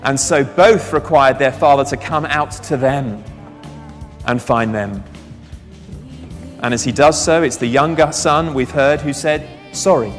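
A man preaching a sermon, telling a Bible story with lively asides and questions to the congregation. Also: mid-range voice, unhurried, faint music behind. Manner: animated storytelling, reads scripture aloud, asks the congregation questions. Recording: long reverb of a large hall.

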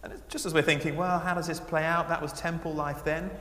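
A man preaching a sermon, swinging between raised emphasis and quiet, hushed asides. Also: fairly high pitch, little pitch movement, fast, reverberant, big-room sound.

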